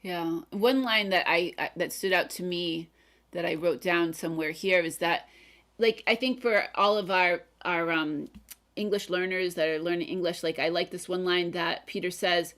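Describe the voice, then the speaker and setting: A woman's voice: lowish voice, normal speed. A woman hosting an English-learning channel, chatting casually with lots of "like" and "um". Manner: relaxed, many fillers like "like" and "um". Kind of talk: casual conversation.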